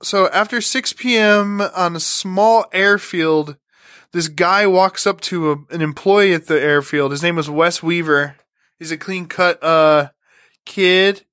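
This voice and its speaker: A man's voice: high voice, slow, sharp tone, smooth. A man hosting a podcast, talking casually, laughing often and swearing freely. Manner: laid-back, profane, laughs a lot. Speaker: podcast host.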